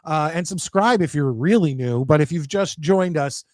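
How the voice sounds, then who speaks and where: A man's voice: on the high side, moderate pace, no room sound, clean studio sound. A man hosting a live sports talk show in an easygoing way, keeping the segment moving. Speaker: host. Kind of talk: casual chat.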